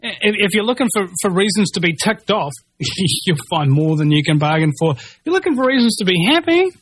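A man's voice: high voice, big pitch swings, brisk, a bit bright, breathy edge, dry recording. A man ranting angrily in a rambling monologue, swearing and restarting his sentences as he reacts to a news article. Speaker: commentator reading news.

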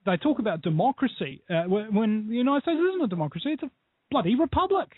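A New man with a fairly high voice rambles through opinions as a guest on a call-in interview, animated and digressive. He comes through a tinny, phone-like internet call line. The sound is bone dry, with no room around it. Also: quick pace, breathy edge, no room sound. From New Zealand. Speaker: guest, radio show host. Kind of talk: call-in interview over Skype.

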